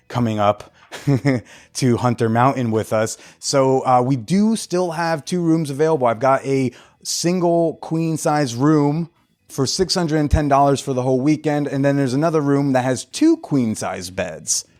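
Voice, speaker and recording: A man's voice: mid-range voice, a little mellow. A man hosting a casual podcast chat, joking and cursing freely in an easygoing way. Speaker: podcast host.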